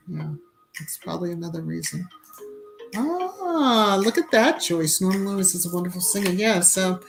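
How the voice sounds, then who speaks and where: A woman hosts a casual live stream in an unhurried, chatty voice. Her pitch sits in a middle range, and she breaks off her talk to greet viewers by name. Soft music plays faintly in the background.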